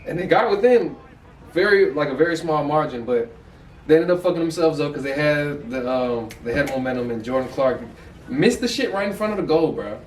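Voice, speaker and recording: An American man runs through game analysis in loose, candid talk that is peppered with swearing. His voice has an ordinary middle pitch. He is heard from some distance in a roomy, echoing space, with a faint hum of ambience behind him. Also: lively intonation, a little fast. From United States. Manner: candid, profane, loose chatter. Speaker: podcast co-host. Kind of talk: casual sports analysis chat. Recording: echoey room, mic far off.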